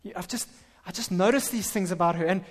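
A man preaching a sermon as pastor, animated and full of stammered restarts. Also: sits high, fast talker, a little hiss or hum. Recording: reverberant hall.

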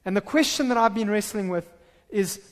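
A man preaching a sermon as pastor, animated and full of stammered restarts. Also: sits high, brisk. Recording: reverberant hall.

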